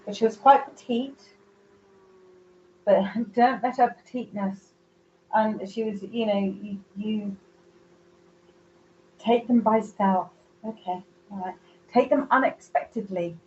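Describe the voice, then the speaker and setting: A woman's voice: medium pitch, takes it slowly, long pauses, darkish tone, lo-fi sound, slight background noise. A woman giving live psychic readings, chatty and rambling as she searches for words. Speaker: psychic medium.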